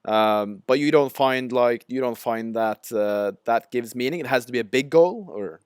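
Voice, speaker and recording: A man's voice: mid-range voice, normal speed, a little mellow, smooth, no room sound, studio quality. A man hosting an interview who asks a hesitant question full of fillers. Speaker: interview host.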